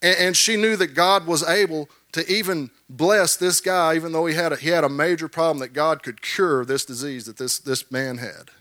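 A man preaching a sermon, animated, repeating words and calling for amens from the congregation. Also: on the high side, normal speed, hardly any pauses, no echo, clean studio sound.

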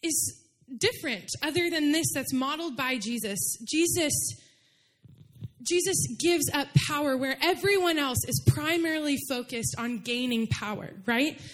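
Chatty young woman preaching, high voice. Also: normal speed, a bit bright. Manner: chatty, full of "like", laughs while telling stories. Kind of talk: casual storytelling sermon.

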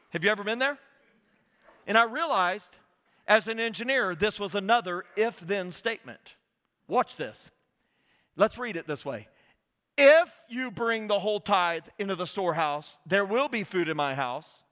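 A middle-aged man preaching a sermon in a church auditorium, with a high, bright, ringing voice. He tells his story in an animated way and acts out his own talks with God. The long reverb of a big hall trails after every phrase. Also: moderate pace. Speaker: guest speaker.

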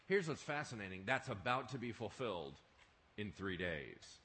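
A male pastor preaching a sermon in an animated, emphatic way, often asking his listeners questions. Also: on the low side, normal speed, a little hiss or hum.

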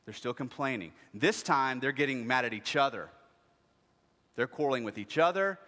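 A man preaches in a big church hall, his voice bright and ringing with long reverb. His pitch swings widely as he jokes and acts out whiny voices. He sounds like a pastor in his thirties. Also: moderate pace. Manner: lively, jokey preaching with acted voices. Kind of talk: sermon. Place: church sanctuary.

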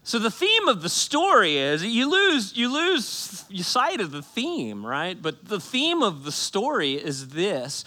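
A man preaching a sermon to a congregation in a church, retelling a story with animated, joking delivery. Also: sits high, takes it slowly, hardly any pauses. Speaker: pastor.

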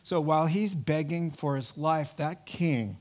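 A man preaching a sermon, telling a Bible story with animated energy and acting out the characters' lines. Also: on the high side, unhurried. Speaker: pastor.

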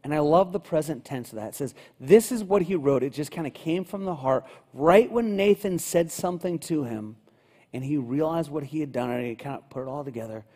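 A male pastor gives an earnest, unhurried sermon with a mellow, warm tone. His voice carries a long reverb through a church sanctuary. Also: on the high side. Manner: earnest, unhurried preaching with slow scripture reading.

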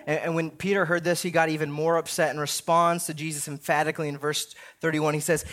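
A man's voice: a little high, a bit bright. Conversational man preaching a sermon. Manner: conversational preaching, frequent "right?" tags. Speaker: pastor.

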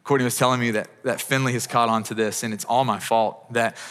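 Preaching in a church auditorium that gives a long hall reverb, this pastor in his thirties sounds clean and fairly bright. His mid-range voice is steady and a little fast, and his earnest, conversational delivery often restarts sentences.

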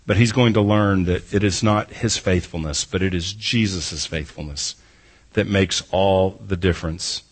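Guy preaching, husky voice, reads the verse then hammers the point over and over. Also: low voice, measured pace. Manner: reads scripture then explains it with emphatic repetition. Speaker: pastor. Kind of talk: expository sermon.

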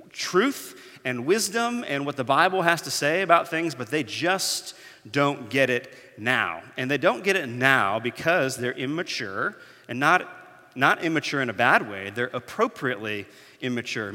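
A man in his thirties, a pastor preaching a sermon, telling stories with animated, self-mocking humor. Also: medium pitch. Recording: echoey hall.

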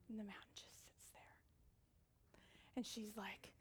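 A woman preaching a sermon, telling stories with acted-out voices and swinging from loud commands to whispered asides. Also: fairly high pitch, a little slow, long pauses, slightly rough.

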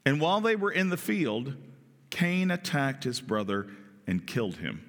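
A man's voice: medium pitch, very animated, normal speed, fairly bright tone. A man preaching a sermon in a conversational way, often asking his listeners questions. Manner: conversational, asks the congregation questions. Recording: long reverb of a large hall.

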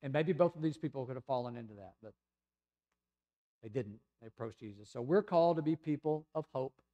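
A middle-aged man with a Southern American accent preaching a sermon in a conversational way, reading quotes aloud and swinging between loud emphasis and hushed asides. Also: medium pitch, lively intonation, a little fast, dull audio. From Tennessee, USA. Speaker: pastor.

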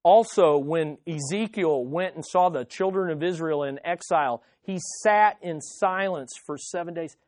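A man preaching a sermon as pastor, speaking directly to the listeners and emphatically repeating his key phrases, swinging between loud and hushed. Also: on the high side, normal speed, hardly any pauses, no echo, clean studio sound.

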